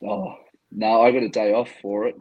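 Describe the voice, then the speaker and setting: A young adult man, a rugby player guesting on a casual podcast, giving brief relaxed answers. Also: mid-range voice, moderate pace, no room sound, highs cut off. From Australia and Canada. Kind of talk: casual interview chat.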